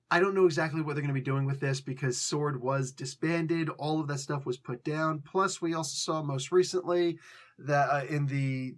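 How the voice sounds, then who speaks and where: A man hosting a casual spoken review, rambling and frank, often correcting himself with a joking edge. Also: medium pitch. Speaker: comic book reviewer and host.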